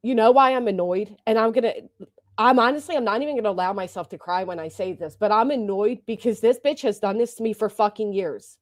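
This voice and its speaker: With a mid-range voice and a slightly fast pace, a woman hosts a livestream recorded in clean studio sound without echo. She's upset and worked up, launching into a profanity-heavy, indignant rant.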